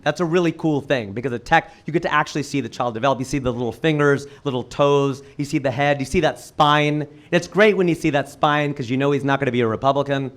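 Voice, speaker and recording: A middle-aged man performing a stand-up comedy set on a club stage, with an animated, punchy delivery. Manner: animated, punchy delivery with sudden jumps in pitch.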